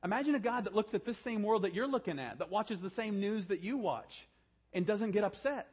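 A man preaching a sermon, swinging from hushed, low emphasis to raised, urgent delivery. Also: lively intonation, a little fast, slightly rough, muffled recording. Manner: dynamic preaching, drops to a hushed low voice then rises. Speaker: pastor.

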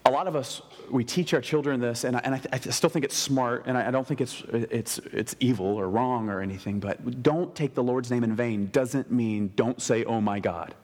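A man's voice: medium pitch, moderate pace, hardly any pauses. A man preaching a sermon in a mid-range voice, talking to the congregation conversationally and punching key phrases with emphatic asides. He often restarts his sentences. The sound rings with a long reverb, as in a large hall. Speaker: pastor.

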